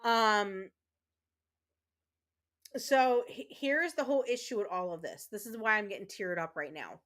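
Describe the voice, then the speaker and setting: A woman's voice: mid-range voice, animated, unhurried, fairly bright tone. A woman streaming a game, chatting casually with her viewers and rambling with lots of fillers and restarts. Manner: emotional, tearful thanks to viewers. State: tearing up. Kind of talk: casual livestream chat while gaming.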